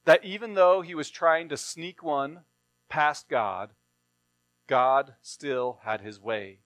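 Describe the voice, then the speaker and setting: A man's voice: on the high side, takes it slowly, fairly bright tone, no echo. A man reading a Bible passage aloud and then explaining it in a plain sermon style. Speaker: preacher.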